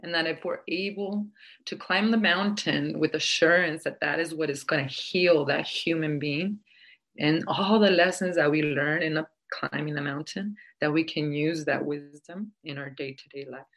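A woman's voice: low voice, moderate pace, fairly bright tone. A woman telling a folk tale aloud and drawing an earnest, reflective lesson from it. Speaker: storyteller. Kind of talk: oral storytelling with a moral lesson.

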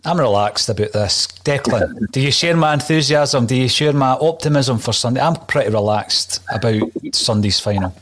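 A man's voice: mid-range voice, normal speed, few pauses. Man, podcast host, casual football chat, playful.

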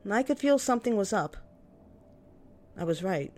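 A woman tells her own family story in the first person, wry and candid. Her pitch sits in an ordinary middle range, and her delivery is conversational rather than polished. It sounds like a personal memoir read aloud. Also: lively intonation, moderate pace, darkish tone. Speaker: memoir narrator.

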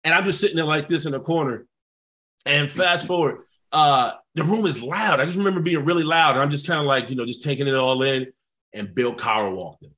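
A man, a former football player and guest, telling a story in a casual, animated way, swearing freely. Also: on the high side, fairly quick.

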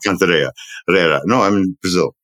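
Low-voiced man with a rambling, jokey drawl. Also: fast talker, fairly bright tone. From Boston's North Shore, USA. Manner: rambling, loose and jokey, trailing off mid-thought. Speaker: guest musician. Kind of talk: casual podcast chat.

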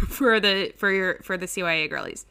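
A woman's voice: medium pitch, lively intonation, a little slow, creaky, sharp tone. A young woman co-hosting a podcast, chatting casually with lots of "like" and "um". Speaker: podcast co-host.

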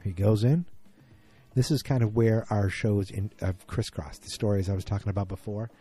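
Dark-voiced man rambling through a TV recap. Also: on the low side, steady tone, moderate pace, husky, soft background music. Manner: rambling, thinks aloud, often restarts mid-sentence. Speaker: TV episode recapper. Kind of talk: casual episode recap.

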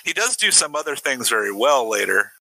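A man's voice: medium pitch, very animated, fairly quick, bright, forceful tone, dry recording, poor audio. A man around forty co-hosting a podcast, giving hesitant, wry opinions on a film. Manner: hesitant, many restarts, wry. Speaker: podcast co-host. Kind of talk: casual film discussion.

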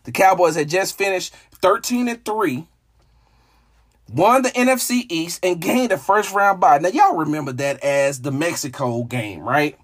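A man hosting a solo sports show, talking in a dramatic, emotional way that jumps between hushed asides and shouting. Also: sits high, unhurried. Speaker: sports podcast host. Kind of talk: animated solo sports commentary.

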